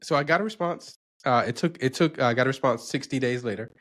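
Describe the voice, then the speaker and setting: A man hosting a casual interview show in a middle-pitched voice. He speaks hesitantly, pausing and hedging with fillers before he gets his point out. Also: fairly bright tone. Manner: hesitant, many fillers and uh pauses. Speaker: podcast host.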